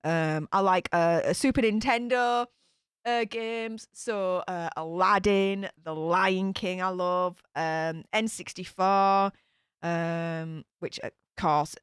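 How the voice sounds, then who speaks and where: A woman's voice: on the low side, fairly bright tone, clear, resonant tone, no echo, studio quality. A woman with a Yorkshire accent chatting casually with her live-stream viewers, rambling with lots of fillers and restarts. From Northern England. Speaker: YouTube commentator reading live chat.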